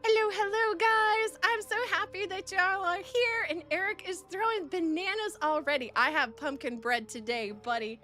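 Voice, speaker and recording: A woman's voice: very high-pitched, normal speed, few pauses, sharp tone. A woman live-streaming, bubbly and affectionate, greeting her chat by name with pet names and sometimes talking while eating. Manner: chews food while talking. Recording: faint music behind.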